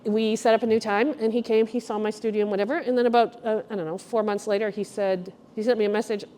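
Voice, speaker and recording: A middle-aged woman curator giving a chatty, animated walk-through talk to a group in an art gallery. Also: mid-range voice, fast talker, slight background noise. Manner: chatty, animated storyteller, addresses the group directly. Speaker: guest curator. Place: art gallery exhibition room.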